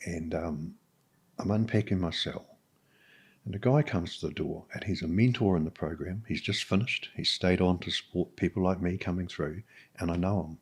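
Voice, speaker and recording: A middle-aged man with a New Zealand accent, a podcast guest telling his own story frankly, in halting speech full of fillers and restarts. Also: low voice, husky. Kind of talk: candid personal storytelling.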